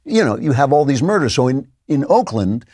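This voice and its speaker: Older man, political show host, sardonic, mocking, lively pitch, dry studio sound. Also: a little fast, no echo. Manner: sardonic, laughs at opponents, mocking voices in quotes. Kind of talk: opinion show monologue.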